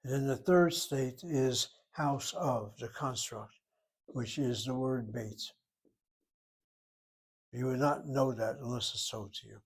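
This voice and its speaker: A man's voice: medium pitch, slow pace, pauses often, husky. A man teaching a Hebrew lesson, explaining grammar step by step and thinking aloud as he goes. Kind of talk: informal language lesson.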